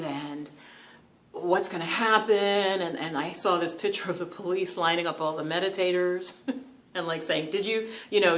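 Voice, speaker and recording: Chatty New woman telling a story. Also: lowish voice. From New York. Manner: chatty, animated, laughs often, many "like" fillers. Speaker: yoga and meditation vlogger. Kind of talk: casual storytelling to camera.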